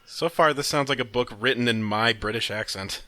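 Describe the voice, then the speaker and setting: Bright-voiced man, laughing podcast jokes. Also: medium pitch, a little fast, no echo. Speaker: podcast co-host. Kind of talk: casual comedy podcast banter.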